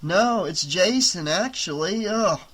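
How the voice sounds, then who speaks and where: A man's voice: high-pitched, lively intonation, a bit bright, slightly rough, pitched above the performer's own voice, full character voice. A man doing a groggy, dazed security guard. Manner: slow, confused, muttering.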